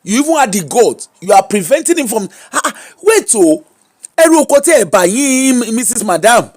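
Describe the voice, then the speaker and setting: With a voice on the high side and a moderate pace, a Nigerian woman hosts her own show and casually comments on celebrity gossip. She reacts spontaneously and exclaims often, sprinkling in Pidgin and Yoruba.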